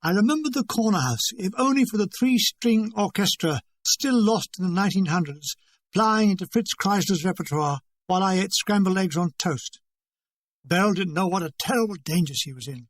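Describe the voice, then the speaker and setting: A man's voice: sits high, expressive, moderate pace, no room sound. An older English man reading his own war memoir in a dry, wry, conversational way. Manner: dry, wry and conversational, acting out remembered dialogue.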